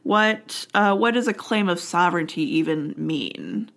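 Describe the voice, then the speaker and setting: A woman's voice: fairly low pitch, a little slow, vocal fry, a bit bright. Chatty woman telling a history story. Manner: chatty, full of fillers and restarts, wry. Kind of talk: casual conversational storytelling.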